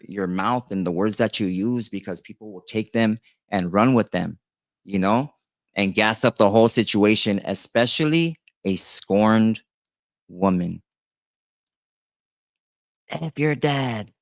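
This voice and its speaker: With a lowish voice and no room echo, a man in his thirties who works as a tattoo artist talks directly to his audience. His personal story comes out as a casual, meandering monologue, heavy on fillers and restarts.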